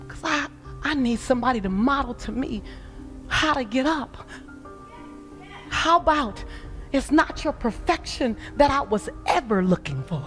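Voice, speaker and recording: Before a live audience, a woman delivers a passionate motivational speech, her preaching emphasis swelling and dropping. She has a high, fairly bright voice.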